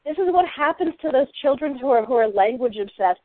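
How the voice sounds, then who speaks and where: A woman from Eastern Massachusetts speaks as an interview guest, animated and often restarting her sentences. Her voice comes through a thin, narrow phone line. The sound is dry, with no room around it. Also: high voice, a little fast, dry recording. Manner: animated, frequent restarts and laughter. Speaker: novelist guest. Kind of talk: conversational interview.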